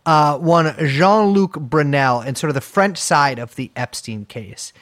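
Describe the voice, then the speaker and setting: A man's voice: a little high, a little slow, fairly bright tone. A man co-hosting a podcast in casual chat, joking and rambling, often correcting himself mid-sentence. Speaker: podcast co-host. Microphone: video call from a basement.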